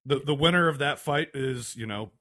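A man's voice: medium pitch, moderate pace, sharp tone. A man co-hosting a sports podcast in casual chat, mostly agreeing with his partner in short replies. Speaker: podcast co-host.

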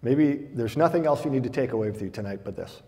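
A man's voice: mid-range voice, expressive, fast, dark tone. Man preaching a humorous sermon in a hall. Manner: humorous, conversational preaching with Bible readings. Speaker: pastor.

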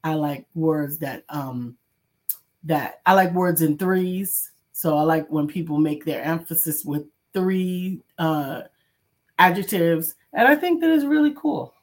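A woman co-hosting a casual livestream chat, who talks in a thoughtful, measured way and builds her points slowly. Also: low-pitched.

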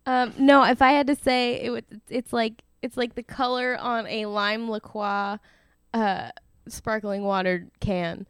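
Casting: woman, smooth clear voice, close dry mic, easygoing chatter, quick to laugh. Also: fairly high pitch, fairly even intonation, no room sound. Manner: chatty, laughs often, trails off with fillers. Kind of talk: casual chat.

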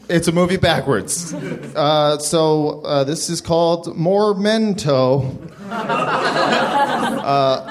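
A male comedian reads his story aloud on a comedy club stage, speaking into a handheld mic. His delivery is deadpan, and his voice sits slightly high for a man. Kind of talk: deadpan comic reading to a live audience.

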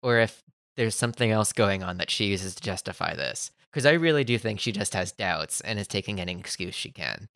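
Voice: low voice, animated, fairly quick, gravelly, a bit bright, no room sound. Dry-sounding pedantic podcast host. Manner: pedantic, nitpicking. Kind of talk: casual chat.

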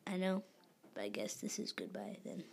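A woman voicing a smirking boy who turns out to be a spy, in a whispery, gravelly voice. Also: fairly low pitch, sing-song, moderate pace, full character voice. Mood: menacing. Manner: smirking, cold. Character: boy turned German spy, smug and menacing.

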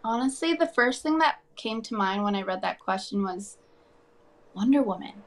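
An actress guest chatting in an interview, bubbly and gushing, with lots of fillers. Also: female voice, on the high side, animated, normal speed. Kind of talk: casual interview chat.

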